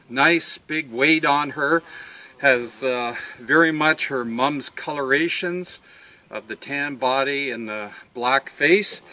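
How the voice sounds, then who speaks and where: A man showing his farm dogs and puppies outdoors, talking in an unhurried, halting way with many fillers and coaxing the dogs fondly. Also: mid-range voice, pushed and bright. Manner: fond, coaxing talk to the dogs. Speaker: dog breeder selling puppies. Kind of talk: casual farm video walkthrough.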